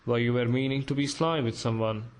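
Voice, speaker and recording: A man's voice: mid-range voice, fairly quick, lightly acted, rough recording. A man voicing a stern, curt senior official who speaks emphatically.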